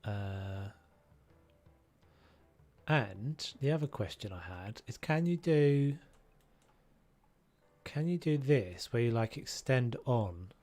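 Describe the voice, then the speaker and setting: A man's voice: mid-range voice, animated, takes it slowly, pauses often, mellow, faint music behind. A man casually chatting and musing aloud while live-streaming a game, now and then humming tunes.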